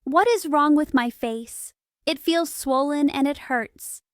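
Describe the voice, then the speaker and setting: A woman's voice: high-pitched, slow pace, no room sound, studio quality, pitched above the performer's own voice. A woman reading the part of a dying male asylum patient who pleads with desperate urgency, in an audiobook for English learners. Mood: urgent.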